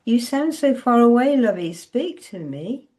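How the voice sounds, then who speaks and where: A woman reading aloud, voicing a tender older countrywoman with a broad rural dialect who speaks slowly and soothingly. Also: a little high, animated, mellow, pitched above the performer's own voice. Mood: coaxing. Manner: slow, soothing, coaxing.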